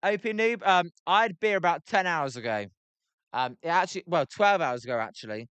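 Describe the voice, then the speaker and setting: Bright, clear-voiced British man streaming. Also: sits high, animated, a little fast, no room sound. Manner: filler-heavy, reads chat messages aloud between play calls. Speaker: livestream host. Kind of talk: casual live watch-along chat.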